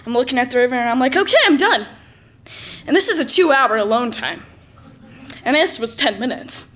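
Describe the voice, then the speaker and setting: A woman with a high voice tells a personal story aloud. She is animated and self-mocking and plays up the drama for comic effect. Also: fairly quick. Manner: lively, self-mocking, exaggerated.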